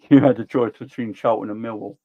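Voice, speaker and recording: A man in his forties with a South East London accent, hosting a football livestream and ranting passionately between relaxed chat with viewers. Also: fairly low pitch, phone-quality sound. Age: 40s. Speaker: football channel livestream host.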